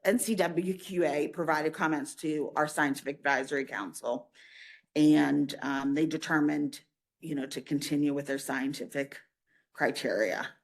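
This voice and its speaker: A woman from a state agency presenting at a public commission meeting, answering questions in a measured way with frequent fillers. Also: sits low, steady tone.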